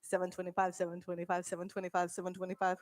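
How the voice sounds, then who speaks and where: A woman auctioneer calling bids at a charity auction in quick, repetitive, playful rounds. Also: lowish voice, monotone. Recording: reverberant event hall.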